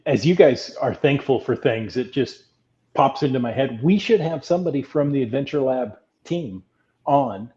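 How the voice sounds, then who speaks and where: Lively-voiced man on a dull podcast mic. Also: medium pitch, normal speed. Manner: chatty, laughs easily, reads listener comments. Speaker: podcast co-host. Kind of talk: casual chat.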